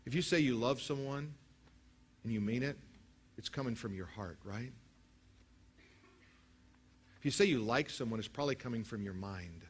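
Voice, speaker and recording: A man preaches to his congregation at a moderate pace with long pauses and a breathy edge to his voice. He shifts between loud emphasis and quiet prayer, and leads the church in praying aloud.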